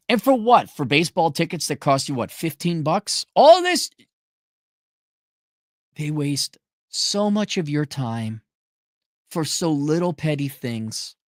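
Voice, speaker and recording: An exasperated man delivers a mocking, sarcastic rant. His pitch jumps around a lot, and the sound is dry and close with no room echo. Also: lively intonation, unhurried. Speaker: commentary vlogger. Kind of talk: ranting commentary.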